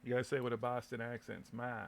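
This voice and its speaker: A man's voice: medium pitch, monotone, rapid-fire, vocal fry. A man hosting a live internet radio show, chatting loosely with lots of swearing, laughter and stumbling restarts. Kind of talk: casual live show banter.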